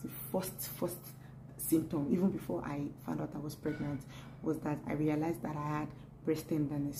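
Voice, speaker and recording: A young adult woman chatting casually to camera in a vlog, animated and laughing often, repeating words as she talks. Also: deep voice, slight background noise, poor audio. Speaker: pregnancy vlogger.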